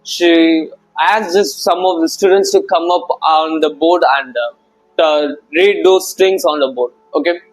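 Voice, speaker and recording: A young man with a slightly raised pitch delivers a casual self-help talk straight to the viewer. His wording is loose and slangy, and he keeps circling back to the same point. Quiet music plays faintly underneath. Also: a little slow, low-quality recording. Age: young adult. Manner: informal and slangy, speaks straight at the viewer, repeats himself. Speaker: self-help video maker. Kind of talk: casual motivational talk to camera.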